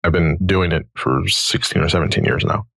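A man in his forties with a low, gravelly and somewhat husky voice, recorded dry and close. He tells a long personal story at a relaxed pace. He acts out the people he quotes with lively jumps in pitch. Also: brisk, no room sound. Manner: animated, acts out quoted dialogue. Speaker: podcast host and therapist. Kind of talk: conversational storytelling.

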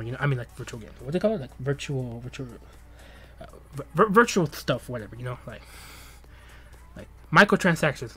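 A man's voice: mid-range voice, expressive, sharp tone. A young man hosting a livestream, chatting casually and rambling with lots of laughs and jokes. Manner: rambling, joking, laughs often, drawn-out bits. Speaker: livestream host.

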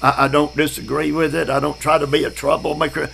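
Man, gravelly voice, slow emphatic bible-class preaching, slightly high pitch, faint hiss. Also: level tone, a bit bright, low-quality recording. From Southern United States. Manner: slow, emphatic, repeats key words. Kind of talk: Bible study sermon.

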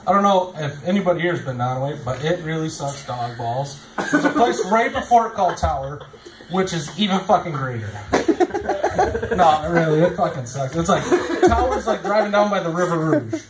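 A man's voice: a little high, lively intonation, a little fast. A man performing a stand-up comedy set in a small club, telling crude, profane stories and acting out quotes. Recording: echoey club with audience noise.

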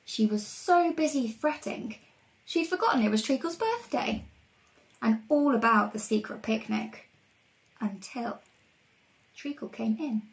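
A woman reading a picture book aloud to children in a lively, expressive way. Her voice sits a little high for a woman. She shapes the story with gentle, playful emphasis. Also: a little slow, vocal fry, long pauses, low-quality recording. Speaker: reader.

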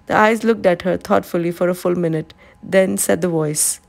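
A woman narrating a classic storybook aloud with a calm, steady reading. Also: fairly low pitch, moderate pace, gravelly, few pauses.

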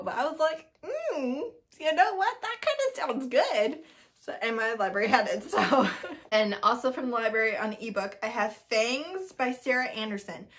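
A woman's voice: a little high, a bit bright. A woman book vlogger in casual chat, rambling and chatty with lots of asides and emphatic bursts.

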